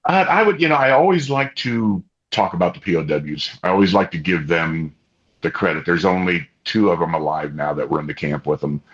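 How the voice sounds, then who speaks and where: A man, an interview guest and family spokesman, telling stories in an excitable, animated way with many restarts. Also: sits low, fairly quick. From Kansas. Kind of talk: casual interview storytelling. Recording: slightly dull lo-fi audio.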